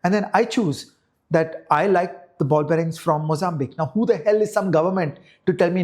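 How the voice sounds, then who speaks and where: A man's voice: on the high side, normal speed, darkish tone. A man from India, an economist guest on a podcast, making his case emphatically with rhetorical questions and examples. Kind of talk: conversational podcast discussion.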